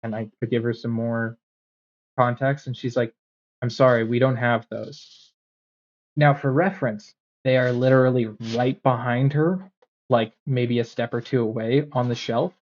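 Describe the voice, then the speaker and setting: A man's voice: medium pitch, steady tone, moderate pace, a little mellow, dull audio. A man co-hosting a podcast, telling a long casual story with plenty of fillers and restarts. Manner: rambling anecdote with fillers and restarts. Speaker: podcast co-host.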